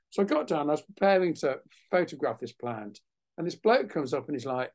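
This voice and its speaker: Animated man telling a story. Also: fairly high pitch, a little fast. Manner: lively and animated, acts out the voices of others. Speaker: guest naturalist. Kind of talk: anecdotal storytelling in a webinar interview. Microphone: video call.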